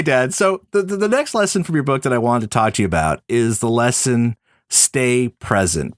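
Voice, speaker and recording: A man's voice: medium pitch, no echo, studio quality. Canadian man hosting a podcast. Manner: thoughtful, builds long summarizing questions. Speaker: podcast host. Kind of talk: conversational interview.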